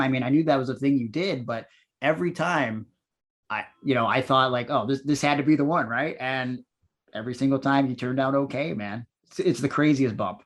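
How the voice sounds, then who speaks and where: A man hosting a podcast interview, laid-back, laughing along and asking follow-up questions. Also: medium pitch. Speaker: podcast host. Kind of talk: casual interview chat.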